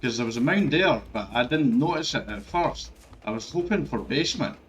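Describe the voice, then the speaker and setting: A man's voice: medium pitch, lively intonation, a little fast, soft background music. A man giving frustrated, ranting commentary over his own gameplay, swearing often. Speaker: gaming streamer.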